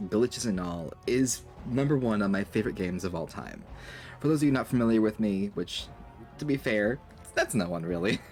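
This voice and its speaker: A man hosting a let's play of a video game, chatting casually in a rambling, self-deprecating, jokey way. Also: medium pitch. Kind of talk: casual gameplay commentary.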